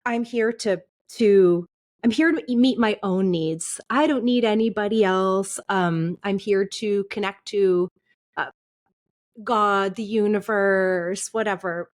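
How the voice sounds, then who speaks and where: Slowly, in a medium-pitched voice, this woman in her thirties shares a painful personal story as a podcast guest, candid throughout, often laughing through it and beginning sentences again.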